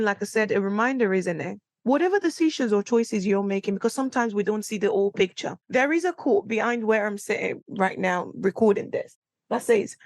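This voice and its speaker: A woman hosting a solo podcast, telling stories in a chatty way and acting out her own quotes. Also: no echo. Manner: chatty storyteller, acts out quotes with big pitch jumps. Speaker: podcast host. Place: indoor room, recording at home setup.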